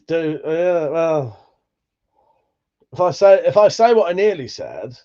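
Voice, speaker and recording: A man's voice: on the high side, lively intonation, takes it slowly, pauses often, warm tone, lo-fi sound. A man hosting a livestream, chatting casually and reading out viewer comments, swearing freely and laughing at himself. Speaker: livestream host.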